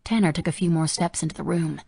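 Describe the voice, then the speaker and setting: A woman reads a novel aloud in the first person with a steady storytelling delivery. Her voice sits on the low side of the female range, and the recording is dry and close. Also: quick pace, vocal fry, breathy edge, dry recording. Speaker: audiobook narrator.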